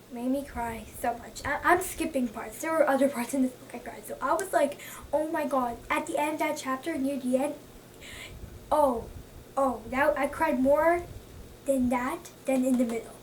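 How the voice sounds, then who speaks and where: A young woman chatting casually to camera as a book vlogger, gushing and repeating herself for emphasis. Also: high-pitched. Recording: mic at a distance, faint background noise.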